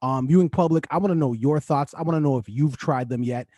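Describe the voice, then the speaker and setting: A man's voice: mid-range voice, fast talker, a little mellow, no echo, studio quality. A man co-hosting a podcast from Canada, chatting casually in a laid-back, joking, slangy way. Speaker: podcast co-host. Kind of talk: casual chat.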